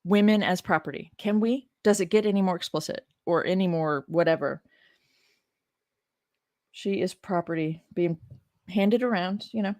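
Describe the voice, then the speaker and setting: A woman's voice: lowish voice, normal speed, pauses often, a little mellow, no echo, clean studio sound. A woman who teaches religion, giving casual commentary on a scripture reading, emotional, exasperated and blunt. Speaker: religion professor.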